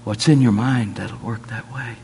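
A man's voice: medium pitch, normal speed, vocal fry, mellow, slight background noise. A man preaching, telling folksy stories and rising to fervent declarations. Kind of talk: sermon with folksy storytelling.

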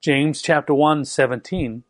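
Give me a man preaching fast and emphatically, with a dry, close sound. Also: on the high side, no room sound. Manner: fast, emphatic, repeats and restarts words. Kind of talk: sermon.

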